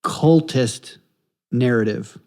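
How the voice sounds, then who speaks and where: A man co-hosts a political podcast in casual, emphatic chat. He repeats his points to hammer them home. His voice is warm and mellow. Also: medium pitch, slow. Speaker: podcast co-host.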